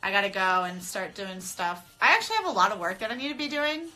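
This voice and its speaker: A young adult woman talks loosely into her phone on a live stream, swearing freely and breaking into laughs. Her voice is bright and forward, sitting at an ordinary pitch for a woman. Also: big pitch swings, fast. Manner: blunt, profane and laughing, talks straight to viewers. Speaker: mixed martial arts fighter. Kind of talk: casual live-stream chat. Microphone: phone camera.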